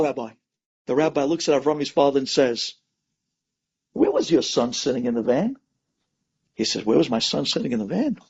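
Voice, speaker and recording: Dramatic high-voiced rabbi telling a story. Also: male voice, lo-fi sound. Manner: dramatic, acts out each person's pleas with big swings in pitch and loudness.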